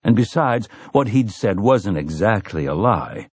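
A man reading a novel aloud as an audiobook narrator, expressive and shifting between character voices. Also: on the low side, unhurried, slightly rough, no room sound. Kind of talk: scripted narration.

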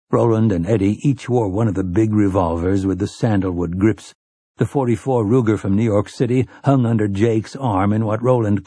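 A man narrating a novel in steady, unhurried audiobook style. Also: on the low side, slightly rough, no echo, clean studio sound. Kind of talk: scripted narration.

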